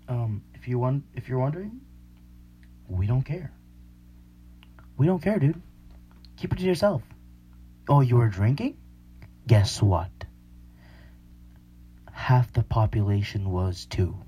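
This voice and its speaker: A man's voice: mid-range voice, animated, slow, pauses often, dark tone, husky. A young man hosting a podcast in casual chat, slangy and rambling, often laughing. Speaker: podcast host.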